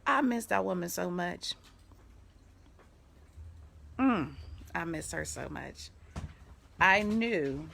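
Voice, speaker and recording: A low, gravelly-voiced middle-aged woman talks live as a life coach. She tells stories in an animated way, breaking into quick laughs, then turns firm and direct when she gives commands. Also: slight background noise. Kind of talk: motivational live video talk.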